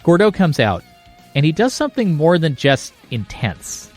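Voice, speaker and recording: A man narrates a documentary podcast with a lively storytelling cadence. His pitch sits fairly high and swings widely. The studio sound is dry, with soft music beneath. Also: moderate pace. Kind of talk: scripted narration.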